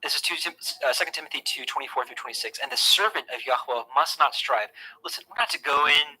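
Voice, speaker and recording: A man's voice: on the high side, quick pace, bright, forceful tone, breathy edge, rough recording. A man teaching scripture to his online audience in an earnest, conversational way, often repeating words and restarting his sentences.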